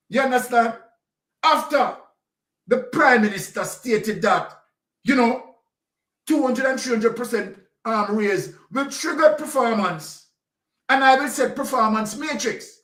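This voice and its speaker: A man tears into a heated political rant, accusing and repeating himself for emphasis. His voice is bright and forceful. He sits well back from the mic in a roomy, echoing space. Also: sits high, lively intonation, a little slow, far from the mic. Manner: fiery, accusatory, repeats "you understand". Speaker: political commentator.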